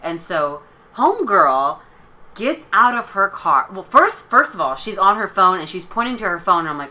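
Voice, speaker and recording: A woman's voice: medium pitch, very animated, moderate pace, bright, forceful tone. A young woman co-hosting a podcast, telling a story in a chatty way full of "like". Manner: chatty, filler-heavy storytelling with lots of "like". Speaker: podcast co-host. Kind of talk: casual storytelling chat.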